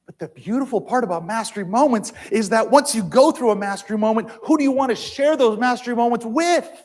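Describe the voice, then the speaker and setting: A man giving an inspirational talk on stage in a large auditorium, emphatic, swinging between loud and quiet. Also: very high voice, lively intonation, fast talker.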